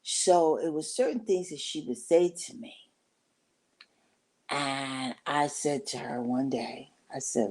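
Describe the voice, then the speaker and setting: A woman's voice: very deep voice, steady tone, slow, darkish tone. A middle-aged woman casually telling a personal story to camera, rambling and acting out what people said. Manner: rambling, conversational, acts out quoted talk.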